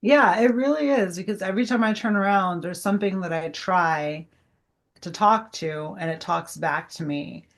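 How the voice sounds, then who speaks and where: Woman guest, casual storyteller, slightly low voice, filler-heavy. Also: normal speed. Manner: chatty, acts out quoted dialogue, many fillers.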